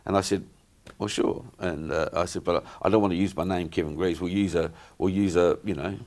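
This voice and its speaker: A middle-aged man talks in a very low voice. He wanders through his stories, stopping and restarting often with plenty of ums. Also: fairly even intonation, brisk, darkish tone. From New Zealand. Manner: rambling, many fillers and restarts. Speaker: guest entertainer. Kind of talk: casual interview chat.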